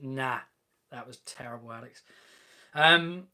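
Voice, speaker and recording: A man's voice: a little high, normal speed, sharp tone. Chatty man with a raised voice. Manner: chatty and enthusiastic, many ums and restarts. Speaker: host of a car channel live Q&A. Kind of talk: casual live-stream Q&A chat.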